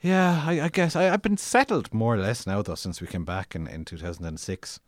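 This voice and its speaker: A man's voice: sits low, huge pitch swings, fairly quick, dry recording, clean studio sound. A man with an Irish accent, an author who reads his own fiction theatrically and then chats in a rambling, storytelling way. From Ireland. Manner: theatrical, dramatic reader; rambling, chatty storyteller with restarts. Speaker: author and podcast guest.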